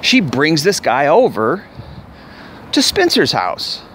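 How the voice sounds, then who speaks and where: A man's voice: fairly high pitch, wildly swooping pitch, takes it slowly, a bit bright, slight background noise. A man telling a personal story in casual, rambling vlog style, candid and profane, repeating himself as he goes. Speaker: vlogger.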